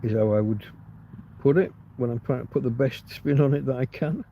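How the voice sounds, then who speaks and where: A man's voice: mid-range voice, fairly quick, a little hiss or hum. A man hosts a loose, unstructured livestream, reading viewers' comments and musing aloud. He often stops mid-sentence and restarts, puzzling things through. His middling voice comes through somewhat dull and lo-fi. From England. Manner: musing, self-interrupting, easily puzzled. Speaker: livestream host. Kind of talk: rambling live chat, reading comments aloud. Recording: slightly dull, lo-fi stream audio.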